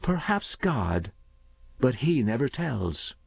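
A man voicing a weary mother who speaks slowly and bitterly, his voice lifted a little. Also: medium pitch, big pitch swings, gravelly, husky, no echo, highs cut off, exaggerated voice. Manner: slow and bitter.

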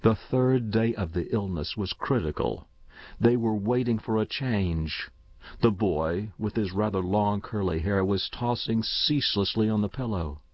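A man narrates a story aloud in a measured, unhurried way. His voice sits low. The recording is dry and slightly dull. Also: dry recording. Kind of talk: audiobook reading.

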